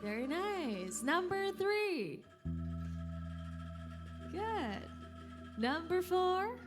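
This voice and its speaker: A young woman with an Indonesian accent and Sundanese as her first language leads an audience workshop in a hotel event hall. Her voice sits quite high, lively and coaxing as she counts out beats and calls commands. Faint music drifts in behind her. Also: extremely slow. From West Java, Indonesia. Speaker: angklung instructor.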